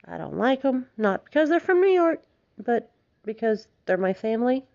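A woman from Alabama, in the United States, hosts a casual podcast monologue in a light Southern accent, giggling and swearing freely while poking fun at herself. Her voice is fairly high, gravelly and darkish, with big pitch swings at normal speed. The lo-fi recording sounds slightly dull.

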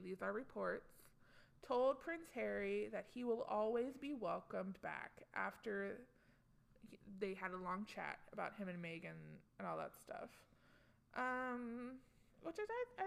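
Gossipy young woman with a gravelly voice. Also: mid-range voice. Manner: chatty, gossipy, joking asides. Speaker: co-host. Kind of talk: casual pop culture chat.

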